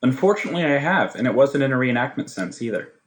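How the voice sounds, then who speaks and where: A man co-hosting a livestream, telling stories in a laughing, animated way. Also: mid-range voice, fast talker. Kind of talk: casual chat.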